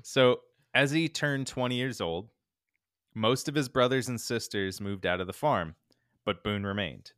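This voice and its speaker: A man co-hosting a podcast, telling a true-crime story in a laid-back, animated way with lots of fillers. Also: mid-range voice, unhurried, dry recording, studio quality. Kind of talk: casual storytelling chat.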